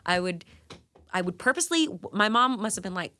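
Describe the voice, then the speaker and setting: A woman in her thirties with a bright, forward voice tells stories as a guest. She is from New England and is animated, laughing often and filling her talk with "like". She speaks into a studio microphone in a radio studio. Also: medium pitch, a little fast. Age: 30s. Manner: animated, laughing, lots of "like" fillers. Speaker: guest singer. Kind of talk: casual interview storytelling.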